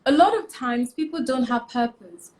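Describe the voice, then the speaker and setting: A woman's voice: sits high, normal speed. A young woman, a fashion stylist giving emphatic advice as a guest in a casual interview. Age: young adult. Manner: emphatic, repeats key points, animated.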